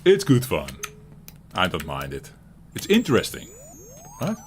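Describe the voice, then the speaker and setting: Casual commentary on a game comes from a retro gaming channel host, a man with a Netherlands Dutch accent. He talks a little slowly in a low voice whose pitch swoops wildly, rambling on with frequent chuckles and restarts. Slight background noise is present.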